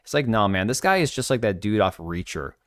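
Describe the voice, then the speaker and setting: A man hosts a live stream, ranting bluntly and mocking what he reacts to. His pitch jumps around constantly, and the sound is close and dry with no room echo. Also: animated, brisk, fairly bright tone. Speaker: livestream host. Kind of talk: casual live stream commentary.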